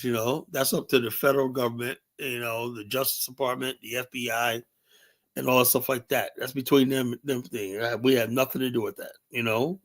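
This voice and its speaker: A man's voice: mid-range voice, steady tone, fairly quick, a bit bright. An American man hosting a casual commentary livestream, talking loosely with lots of fillers and profanity. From United States. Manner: loose, rambling, heavy filler words and profanity. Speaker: livestream host.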